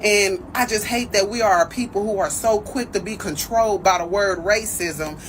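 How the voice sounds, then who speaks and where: A woman's voice: medium pitch, moderate pace, a little hiss or hum, rough recording. Earnest woman giving her opinion. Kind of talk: casual spoken opinion.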